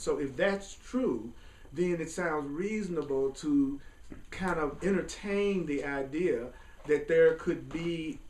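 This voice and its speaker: A man teaching a spiritual class in a casual, playful way, chuckling often and wandering into asides. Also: on the high side. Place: classroom with a group. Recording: echoey room, distant mic, faint hum.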